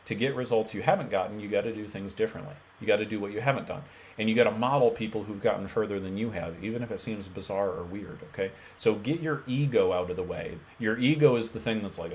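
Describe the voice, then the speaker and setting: Emphatic, low-voiced male coach. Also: slight background noise. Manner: energetic, emphatic, talks straight to viewer with rhetorical okays. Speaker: mental health coach. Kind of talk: direct-to-camera teaching.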